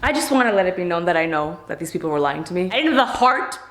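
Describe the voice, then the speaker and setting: Fast-talking exasperated woman vlogger. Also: on the low side, a little hiss or hum. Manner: exasperated, ranting, quick and animated. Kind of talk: casual vlog talk to camera.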